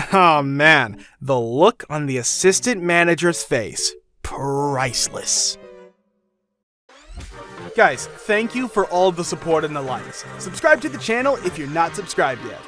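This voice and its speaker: Male story narrator, slightly high voice, even scripted delivery, faint music bed.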